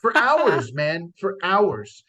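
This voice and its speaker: A man's voice: high-pitched, huge pitch swings, slow, bright, forceful tone. A man, a stand-up comedian, talking earnestly in a casual conversation, with frequent restarts and fillers.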